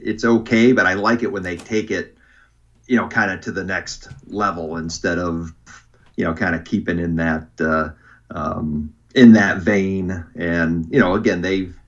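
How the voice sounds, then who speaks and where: A man guesting on a music podcast, chatting casually about songs in a relaxed, halting way with many fillers. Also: low-pitched, lo-fi sound. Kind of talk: casual music review chat.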